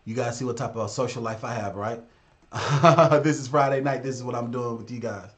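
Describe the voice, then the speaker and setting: A business consultant hosts a casual live stream, addressing his viewers directly and bluntly. His voice is mid-range and he speaks at normal speed.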